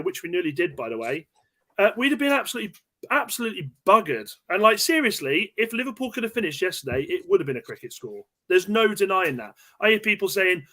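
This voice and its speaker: Lively man ranting about football. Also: high-pitched, quick pace. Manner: animated, swearing, repeats himself, stumbles over restarts. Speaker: podcast host. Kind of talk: casual football chat. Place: home room.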